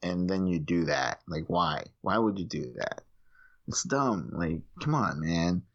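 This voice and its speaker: A man co-hosting a casual movie review chat, animated and swearing freely. He acts out his own reactions with jumps in pitch. The recording is a little dull and lo-fi. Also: a little slow. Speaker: podcast co-host reviewing movies.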